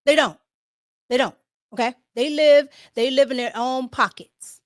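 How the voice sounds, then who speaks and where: Chatty woman host, bright and dry. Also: high-pitched, unhurried, dry recording. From Washington, D.C. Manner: chatty, repeats "okay?" to the viewers. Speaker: livestream host. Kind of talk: casual political commentary.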